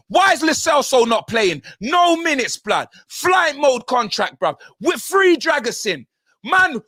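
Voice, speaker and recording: A man in a furious, shouting football rant, his voice high and lively. The flies fast and his delivery stays heated throughout. The sound is dry and close. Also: dry recording. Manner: ranting, shouting, heavy slang. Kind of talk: angry football fan rant.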